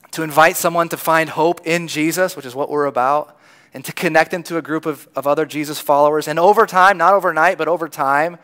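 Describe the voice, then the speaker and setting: A man's voice: a little high, fairly bright tone, clear, resonant tone. A man preaching a sermon in a conversational storytelling manner, acting out the lines of people in the crowd. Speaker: pastor.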